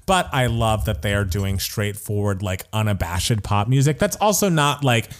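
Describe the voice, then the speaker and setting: A man's voice: fairly low pitch, lively intonation, normal speed. A man co-hosting a podcast in casual chat, gushing with enthusiasm, laughing often and filling his talk with "like". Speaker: podcast co-host.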